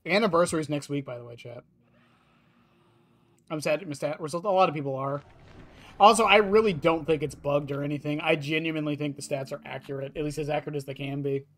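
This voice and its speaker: A young man streams a game and chats loosely with his viewers, laughing often and filling the gaps with plenty of fillers. His voice is a little high and a bit bright, and he talks fast.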